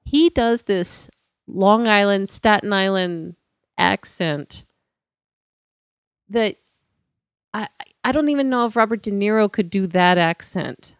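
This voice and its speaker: A woman's voice: mid-range voice, takes it slowly, long pauses, clean tone, dry recording, studio quality. A woman co-hosting a podcast in casual chat, rambling and chatty with lots of fillers. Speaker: podcast co-host.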